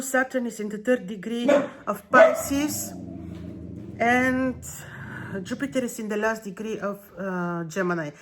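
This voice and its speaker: A woman talks through a monthly astrology forecast. Her voice sits at a middle pitch. She speaks in an unhurried way, with many fillers and restarts as she explains.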